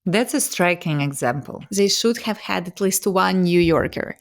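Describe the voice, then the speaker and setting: A woman hosting an interview, asking measured, prepared questions. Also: on the low side, animated. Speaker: host.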